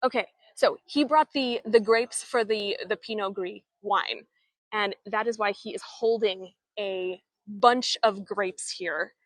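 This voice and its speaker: A young woman guiding a live walking tour outdoors, talking into a handheld phone, chatty and halting, with many fillers and restarts. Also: medium pitch, dry recording. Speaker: travel vlogger and tour guide. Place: outdoors in an old town street.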